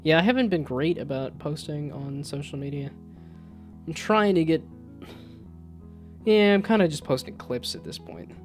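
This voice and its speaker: A man's voice: on the high side, lively intonation, normal speed, long pauses. A man streaming as a VTuber while he codes a game, thinking aloud with playful asides and muttered checks to himself. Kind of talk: casual live-stream chat while coding. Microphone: desk microphone with loud keyboard clicks. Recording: music playing under a live stream. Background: guitar music.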